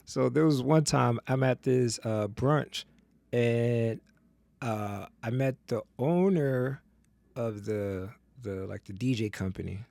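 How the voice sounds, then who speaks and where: A man telling a story on a podcast in a casual, profane way, acting out the people in it with lively voices. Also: medium pitch, slow, creaky, dry recording. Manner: animated, profane, acts out the people in his stories. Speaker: podcast guest.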